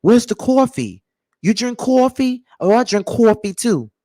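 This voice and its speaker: A man's voice: very high voice, sing-song, a little slow, dark tone, voice pushed up, heavily acted. A man doing a playful, mocking impression of a chatty New Yorker with a New York accent. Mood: teasing. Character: exaggerated chatty New Yorker, casual and brash.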